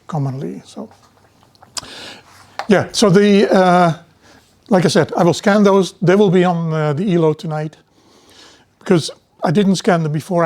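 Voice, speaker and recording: A middle-aged man giving a university lecture in a relaxed, digressive way, often restarting his sentences. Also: on the high side.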